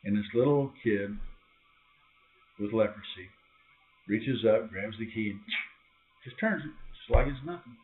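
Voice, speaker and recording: A man preaching an informal sermon to a small group, acting out quoted voices with sudden high, loud cries. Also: measured pace, long pauses. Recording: tinny, phone-like lo-fi recording.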